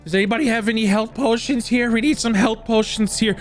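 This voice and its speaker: A man's voice: very high voice, steady tone, a little fast, soft background music, voice pushed up. A man voicing a nervous halfling healer who frets and mutters prayers, in a tabletop game. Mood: panicked. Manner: frantic, anxious muttering.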